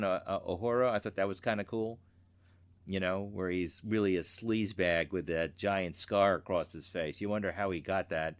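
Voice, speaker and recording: A male podcast co-host in casual chat, relaxed and quick to laugh. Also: on the low side, no room sound.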